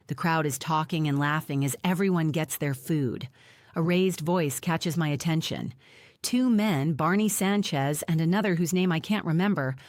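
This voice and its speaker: A woman narrating a first-person audiobook in a plain, even storytelling manner. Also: low voice, no room sound, clean studio sound.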